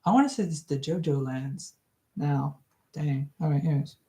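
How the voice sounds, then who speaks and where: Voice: mid-range voice, moderate pace, mellow, poor audio. A hobby book reader narrating casually, breaking off into giggly, rambling, self-correcting asides. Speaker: audiobook reader.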